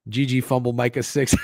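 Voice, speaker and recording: A man's voice: medium pitch, no room sound, clean studio sound. A man hosting a sports betting livestream, chatting loosely and profanely with his viewers. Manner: loose and profane, joking with chat. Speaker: sports betting stream host. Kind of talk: casual livestream chat.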